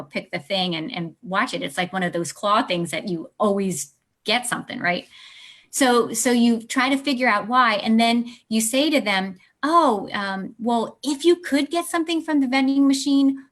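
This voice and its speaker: A woman's voice: mid-range voice, a bit bright. A woman, a parenting author and guest on an interview show, explaining her ideas and acting out little scenes between parent and child. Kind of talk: interview answers.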